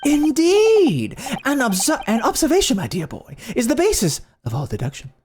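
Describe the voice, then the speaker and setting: A man voicing a pompous, boastful gentleman detective from a game, talking in a grandiose, theatrical way. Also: very high voice, huge pitch swings, moderate pace, background noise, heavily acted. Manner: grandiose, theatrical, self-assured. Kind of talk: reading game dialogue aloud. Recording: game music playing behind.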